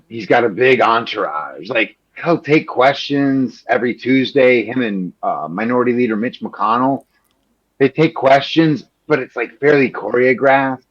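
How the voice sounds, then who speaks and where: A man from Chicago, a journalist answering interview questions in an animated, quick way, full of "like" and little acted-out quotes. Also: mid-range voice, breathy edge. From Chicago, Illinois. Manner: animated, quick, peppered with "like", acts out quoted politicians. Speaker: journalist guest. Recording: slightly muffled lo-fi audio.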